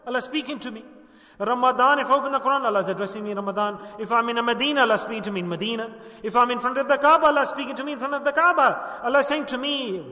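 A man's voice: high voice, fast, pushed and bright. Man preaching in an echoey mosque. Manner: impassioned, pleading, repetitive exhortation. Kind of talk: sermon. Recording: distant echoey hall recording.

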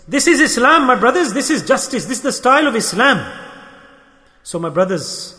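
A man's voice: extremely high pitch, animated, moderate pace, bright, forceful tone. Impassioned preacher man in a reverberant hall. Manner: impassioned, repetitive, acts out quoted voices. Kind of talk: sermon.

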